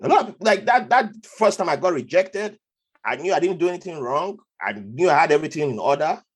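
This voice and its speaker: A man from Nigeria tells his story as a podcast guest. His voice sits a little high for a man and swings widely in pitch. He keeps things animated, often jumping into the voices of the people he talks about. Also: a little fast, slightly rough. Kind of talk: conversational storytelling.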